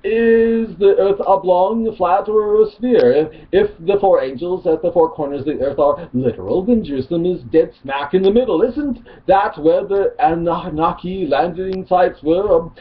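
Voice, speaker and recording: A man's voice: high voice, moderate pace, few pauses, pitched above the performer's own voice, natural voice. A man doing Stewie Griffin, a snobby prissy know-it-all. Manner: haughty, prissy reading of a post. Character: snobby atheist chat user, male adult. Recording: dull lo-fi recording.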